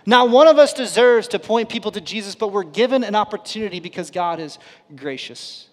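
A male pastor preaching a sermon in an earnest, conversational way, his loudness rising and falling sharply. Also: high voice, animated, a little fast. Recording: long reverb of a large hall.

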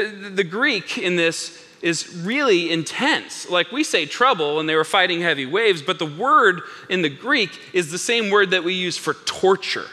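A man preaching a sermon in an animated way, acting out the figures in the story with big swings in his voice. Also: high voice, big-room sound. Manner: animated, acts out biblical characters with big voice swings. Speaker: pastor.

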